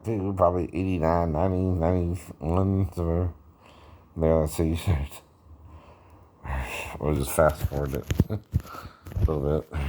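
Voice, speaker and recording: A man in his fifties talks slowly in a low voice, rambling through his commentary. He laughs under his breath between thoughts and keeps checking in with the listener by asking "right?". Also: slight background noise. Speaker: video commentator.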